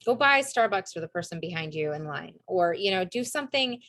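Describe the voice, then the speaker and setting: A woman's voice: on the low side, animated, brisk, a bit bright, dry recording. A young woman leading a casual motivational team call, chatty and upbeat, often acting out bits of dialogue. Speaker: network marketing team leader.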